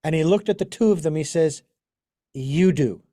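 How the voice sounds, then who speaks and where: High-voiced man telling rambling stories. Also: fast, warm tone, no echo, studio quality. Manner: rambling storyteller with many restarts and fillers. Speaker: podcast host. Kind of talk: casual interview chat.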